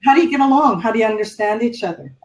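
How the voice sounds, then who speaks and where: A woman coach speaks as an interview guest, explaining things thoughtfully in a slightly high voice. She sounds set back from the mic in a roomy, echoing space. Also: expressive, rapid-fire, a little mellow, distant mic. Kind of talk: conversational interview.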